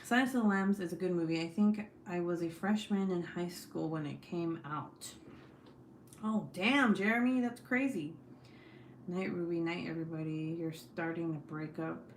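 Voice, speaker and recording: Here the livestream host, a woman in her forties, talks with her audience and reads their comments, cursing without restraint. She has a lowish, somewhat dark voice, heard in a roomy space with a little background noise.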